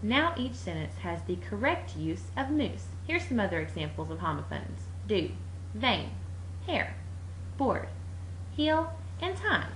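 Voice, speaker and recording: A woman's voice: medium pitch, sing-song, unhurried, a bit bright. A woman narrating an upbeat lesson on confusing words, with playful emphasis. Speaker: teacher. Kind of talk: animated explainer narration. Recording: roomy with faint noise.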